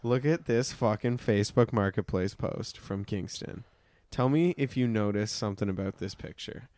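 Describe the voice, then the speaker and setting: A man's voice: fairly low pitch, moderate pace, a little mellow, dry recording. Rambling young man telling crude stories. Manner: rambling storyteller, laughs at his own jokes. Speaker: podcast co-host. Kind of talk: crude casual chat.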